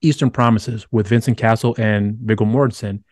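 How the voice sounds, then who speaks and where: A man's voice: lowish voice, fairly even intonation, normal speed, darkish tone, no room sound, clean studio sound. A man hosting a podcast, asking long rambling questions full of restarts. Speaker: podcast host. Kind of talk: casual interview chat.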